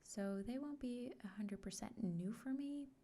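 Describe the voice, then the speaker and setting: A woman giving a soft-spoken unboxing vlog, often sliding into a whisper and talking slowly and gently. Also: fairly high pitch. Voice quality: frequently whispered. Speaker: art vlogger.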